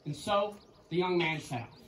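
A woman's voice: on the low side, lively intonation, moderate pace, fairly bright tone, a little hiss or hum. Woman narrating from far off on an echoey stage. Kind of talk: theatrical storytelling in a musical. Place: outdoor quarry stage. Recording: echoey open-air stage from afar, music.

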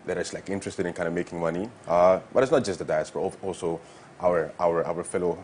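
Fast-talking deep-voiced male guest. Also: steady tone, darkish tone, slight background noise. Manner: fast-talking, filler-heavy, enthusiastic. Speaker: investment professional guest. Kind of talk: talk show interview.

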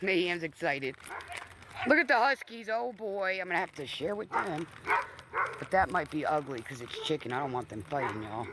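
A young woman talks on a handheld phone outdoors, chatty and casual, swearing easily and cooing at dogs. Her pitch swings up and down a lot. The phone recording carries clear background noise from the open air. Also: lively intonation, normal speed. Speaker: vlogger. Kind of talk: casual vlog talk. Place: outdoors in a rural yard with dogs.

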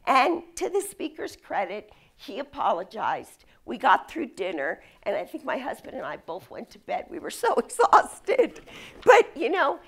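A middle-aged woman from the United States giving a leadership lecture, telling stories in an animated way. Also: fairly high pitch, moderate pace, hardly any pauses, breathy edge. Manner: storytelling, animated. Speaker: speaker.

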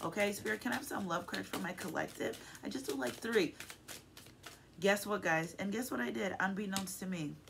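Woman reading tarot cards, chatty and affectionate, mid-pitched voice, faint noise behind. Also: moderate pace, creaky. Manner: effusive and affectionate, often emotional; chatty, frequently checks in with "okay?". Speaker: tarot card reader. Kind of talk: casual tarot reading to viewers.

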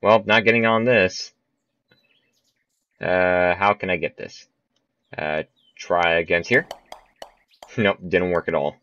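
A young man with a deep, low voice talks his way through a video game round of golf, chatty and self-mocking as his shots go wrong. The recording is dry and close, a little dull in the highs, with no room sound. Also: steady tone, takes it slowly, long pauses, a bit bright, dry recording. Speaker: gaming channel host. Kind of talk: casual gameplay commentary. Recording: muffled, dry home recording.

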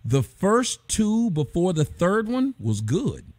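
A middle-aged man ranting about movies in blunt, profane bursts, his pitch leaping around as he talks. His voice sits a little high for a man. The recording is close and bone dry. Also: huge pitch swings, takes it slowly, a little mellow, dry recording. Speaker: host. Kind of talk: casual live-stream chat.

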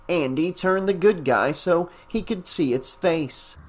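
An audiobook narrator reads a fan novel aloud, then switches to chatting enthusiastically as the channel's host, with fillers in the wrap-up. The voice is medium in pitch and a little slow.

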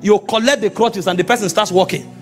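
A man with a Nigerian accent, preaching an animated sermon to a congregation, often rising to shouts. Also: high-pitched, a little fast, soft background music. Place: church meeting.

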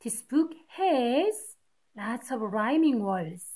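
Slow, patient woman teacher reading aloud. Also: a little high, very animated, a little mellow. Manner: patient, explains each rhyme to kids. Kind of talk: reading a picture book aloud to children.

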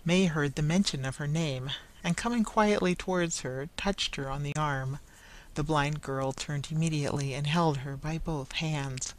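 Narrator for a learners' audiobook, measured and clear. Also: medium pitch, steady tone, rough recording. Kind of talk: scripted story narration for English learners.

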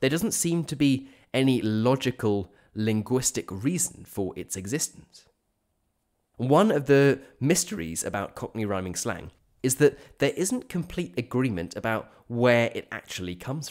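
A man hosting an English-learning podcast, reading a clear scripted explanation and slowing down on examples. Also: mid-range voice, sing-song, a little mellow. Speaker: podcast host teaching English. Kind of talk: scripted educational narration.

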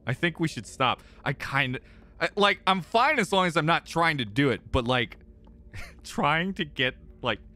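A young man streams a game and talks his viewers through his rising frustration. His voice is bright and ringing, and his pitch swings widely. He swears freely, repeats phrases when stuck, and lurches between loud outbursts and low muttering. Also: expressive, measured pace. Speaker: gaming streamer. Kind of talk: live gameplay commentary.

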